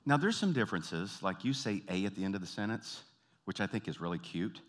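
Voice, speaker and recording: A man with a Southern American accent, working the crowd in a stand-up comedy routine. His voice sits low, then leaps up high when he acts out the people in his stories. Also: a little fast. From Southern United States. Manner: animated storytelling, jumping into high put-on voices.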